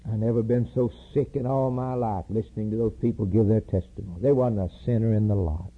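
A man preaching a fiery sermon, pleading with his listeners and rising to loud emphatic peaks. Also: fairly low pitch, fairly even intonation, a little fast, breathy edge. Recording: tinny phone-like old sermon tape.

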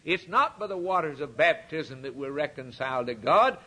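A man's voice: on the high side, lively intonation, normal speed, pushed and bright, husky. A man preaching a sermon, emphatic and repetitive, dramatically retelling scripture and addressing the congregation as brethren.

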